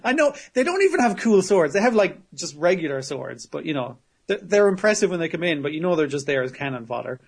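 A man in casual podcast chat, his voice sitting a little higher than most men's. He laughs a lot and swears easily as he recaps. He keeps it loose and conversational. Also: very animated, vocal fry, husky. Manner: laughs often, swears casually, acts out characters in quick voices. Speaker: podcast co-host.

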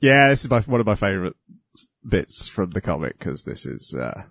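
A man's voice: low-pitched, big pitch swings, fairly quick, creaky, fairly bright tone, dry recording. A man co-hosting a podcast, recapping an episode in casual chat, hesitant with many fillers. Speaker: podcast co-host.

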